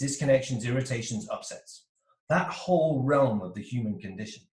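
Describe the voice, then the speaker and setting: A man's voice: mid-range voice, a little mellow, recorded from a distance. A man as an interview guest, coaching on relationships, talking animatedly and slipping into little voices for the types he describes over a video call. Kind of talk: explanatory interview talk. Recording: roomy echo.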